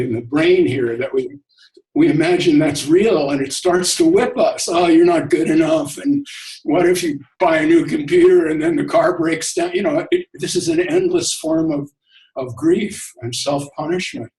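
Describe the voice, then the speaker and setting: A man hosting an online discussion, telling stories in a relaxed way and chuckling often. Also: on the high side. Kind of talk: casual spiritual talk. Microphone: video call. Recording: echoey room, distant from mic.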